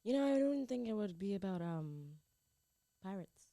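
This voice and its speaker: A woman's voice: mid-range voice, animated, normal speed, gravelly, warm tone, dry recording, studio quality. A woman co-hosting a fan podcast who mostly chimes in with short reactions and agreement. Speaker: podcast co-host. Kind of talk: casual fan chat.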